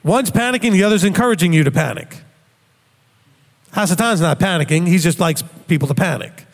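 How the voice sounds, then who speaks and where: High-voiced man teaching scripture. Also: lively intonation, a little fast, creaky, in a large hall. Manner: conversational, asks rhetorical questions. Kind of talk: Bible study teaching.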